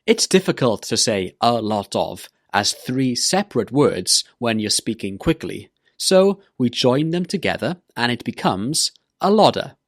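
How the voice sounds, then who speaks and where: A man teaching English pronunciation in a scripted lesson, speaking slowly and deliberately and repeating words for learners to copy. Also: medium pitch, no room sound, clean studio sound.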